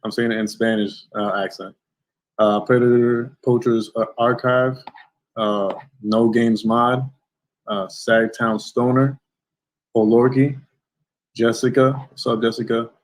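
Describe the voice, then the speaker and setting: A man's voice: mid-range voice, fairly even intonation, unhurried, rough recording. A man hosting a livestream interview, thanking and blessing his viewers effusively. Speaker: host. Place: home setup in Florida.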